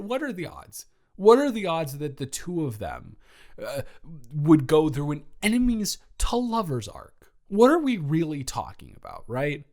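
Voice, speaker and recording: A young man improvising an audio role-play, talking in a flustered, rambling way with many stammering restarts. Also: fairly high pitch.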